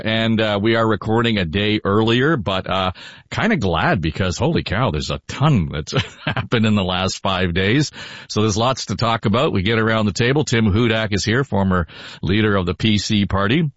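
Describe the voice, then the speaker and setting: A man hosting a casual political podcast in a chatty, relaxed way. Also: on the low side, moderate pace, dry recording. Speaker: podcast host. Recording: dull, dry.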